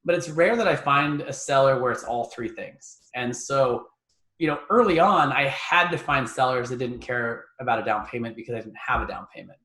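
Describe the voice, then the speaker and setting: A man's voice: mid-range voice, normal speed, pushed and bright, echoey room. A man guest on a podcast interview, talking through ideas conversationally and often repeating words as he thinks. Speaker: guest, real estate investor.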